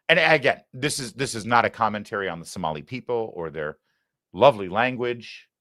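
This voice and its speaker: A man's voice: fairly low pitch, a bit bright, no echo, studio quality. A middle-aged man hosting a political commentary show, talking in a sarcastic, indignant, emphatic way. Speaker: host.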